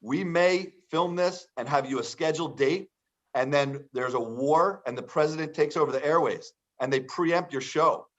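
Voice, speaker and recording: A man's voice: fairly high pitch, normal speed, a bit bright. Man telling a chatty business story. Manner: chatty storytelling with quoted dialogue. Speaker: entrepreneur guest. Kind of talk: casual anecdote. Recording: dull lo-fi sound.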